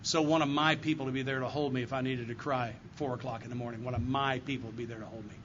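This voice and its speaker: Talking fast in a steady, medium-pitched voice, an older AA circuit speaker gives his earnest recovery testimony straight to a meeting audience. The talk was recorded live in a meeting room, and the audio is dull and lo-fi with a noisy background.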